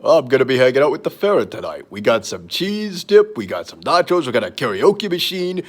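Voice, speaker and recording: A man voicing a relaxed male lizard from an old radio beer ad, dropping his voice lower for the part. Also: fairly quick. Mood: easygoing.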